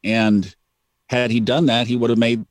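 A man's voice: mid-range voice, little pitch movement, moderate pace, no echo. A man talking casually in a podcast conversation, reflective and repeating phrases for emphasis. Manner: reflective, sermon-like repetition.

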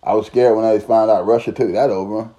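Deep-voiced, dark-toned man. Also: fairly even intonation, a little fast, a little hiss or hum. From Southern United States. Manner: profane, rambling, emphatic. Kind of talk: casual monologue.

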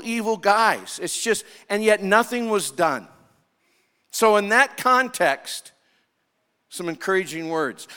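High-voiced preaching man in a hall. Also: clean tone. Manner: expressive preaching, acts out quoted lines. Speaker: pastor. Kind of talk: sermon.

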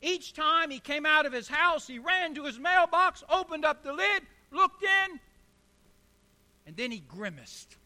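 A man in his sixties preaching with emphatic, repeated phrases and storytelling. His voice sits very high for a man. It sounds bright and forceful. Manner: emphatic, repetitive rhetorical delivery. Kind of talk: sermon with storytelling.

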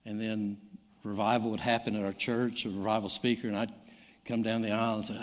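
A man's voice: fairly low pitch, brisk. A middle-aged man with a Southern American accent preaching a sermon, reading scripture aloud with his voice lifting for the quoted lines. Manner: animated Bible reading, voice rising for quoted lines. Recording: long hall reverb.

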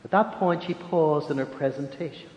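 A man preaching a sermon as a religious leader, measured, slowing down for emphasis. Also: a little high, a little mellow. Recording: echoey hall.

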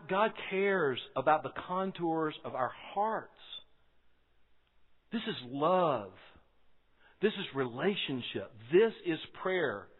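A man preaching a sermon, emphatic, repeating key lines and asking rhetorical questions. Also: on the high side. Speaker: pastor. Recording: phone-like sound with long hall reverb.

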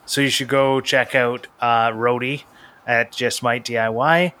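A man's voice: medium pitch, fairly even intonation, unhurried, pushed and bright. A young man co-hosting a podcast, chatting in an upbeat, casual way. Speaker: podcast co-host. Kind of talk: casual chat.

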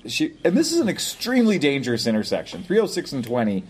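A man's voice: mid-range voice, wildly swooping pitch, fast, husky. An older man in casual podcast chat, telling a long story in a rambling way and chuckling often. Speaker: podcast co-host.

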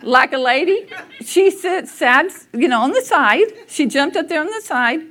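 A woman speaks in a high, bright voice. She is middle-aged and tells a family story to a church crowd. She talks animatedly, laughs often and acts out what people said. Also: animated, moderate pace. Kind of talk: storytelling talk to a church audience.

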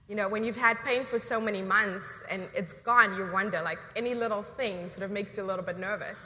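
A woman's voice: medium pitch, moderate pace, pushed and bright, big-room sound. A woman with a South African accent, giving a heartfelt personal testimony and reading scripture in church. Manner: earnest, heartfelt.

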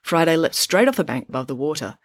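A woman tells a children's adventure story in a fairly low voice that moves freely up and down. The recording is close and dry, with nothing around it. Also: fast, no echo. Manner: expressive, even storytelling. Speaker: audiobook narrator. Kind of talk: storybook narration.

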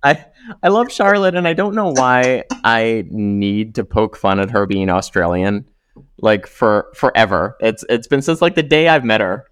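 A man's voice: fairly low pitch, measured pace, fairly bright tone, clean tone, no room sound. A man co-hosting a podcast, chatting in a loose, easygoing, rambling way. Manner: easygoing, loose and rambling, many fillers and laughs. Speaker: podcast co-host. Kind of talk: casual chat.

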